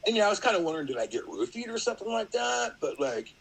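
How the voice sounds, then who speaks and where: A man's voice: high voice, very animated, very fast, creaky, fairly bright tone, husky, low-quality recording. A middle-aged man, a podcast guest, telling a story in a rambling, casual way, full of fillers and acted-out quotes.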